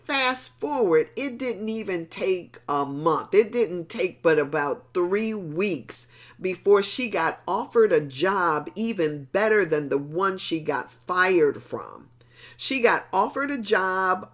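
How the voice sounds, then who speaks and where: Middle-aged woman host, motivational storyteller, lively pitch, slow deliberate delivery, repeats for emphasis. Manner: animated, conversational, repeats words for emphasis. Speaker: motivational talk show host.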